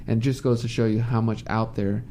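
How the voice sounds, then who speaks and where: A man hosting a live talk radio show in a studio, relaxed and teasing, laughing easily. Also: medium pitch, a little fast, a little hiss or hum. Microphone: studio mic.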